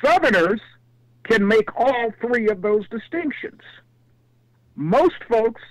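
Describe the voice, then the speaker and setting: A man on a live panel show, chatting and telling stories in an animated way. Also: very high voice, takes it slowly, no room sound, poor audio. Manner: animated storyteller. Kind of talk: casual live panel chat and storytelling.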